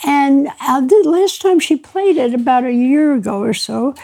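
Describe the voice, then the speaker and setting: Woman author, warm mid-high husky voice, animated storyteller who laughs through her tales. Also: normal speed. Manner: lively raconteur, mimics dialogue, laughs often. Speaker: author being interviewed. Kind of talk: anecdotal storytelling.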